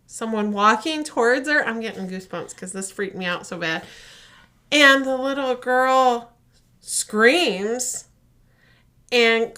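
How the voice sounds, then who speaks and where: A woman co-hosting a podcast, animatedly retelling a horror short and acting out the voices. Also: fairly high pitch. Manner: animated storytelling, acts out voices. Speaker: podcast co-host.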